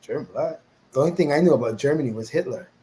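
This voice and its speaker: Animated New man telling his story. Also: medium pitch, rapid-fire, a little hiss or hum, low-quality recording. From New York, USA. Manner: animated storyteller who acts out quoted voices. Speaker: interview guest. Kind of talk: casual storytelling interview.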